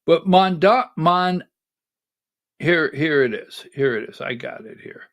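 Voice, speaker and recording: A middle-aged man hosting a livestreamed political commentary show, talking in an animated, rhetorical way, often asking "right?" and rising to near-shouting when worked up. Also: fairly high pitch, takes it slowly, vocal fry, no echo, studio quality. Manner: talks while fumbling with on-screen clips.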